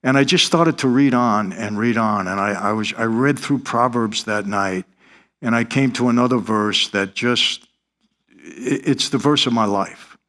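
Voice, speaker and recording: A man's voice: medium pitch, a little slow, pushed and bright. A middle-aged man, telling his life story in earnest, confessional style as an interview guest. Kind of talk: interview testimony.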